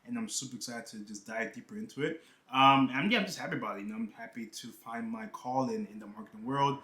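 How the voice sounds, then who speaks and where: A man's voice: medium pitch, fast, pushed and bright, roomy sound. A young man from New York chatting casually in a vlog, joking around and leaning on "you know" asides. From New York, United States. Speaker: YouTuber. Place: half-unpacked room with boxes and bags.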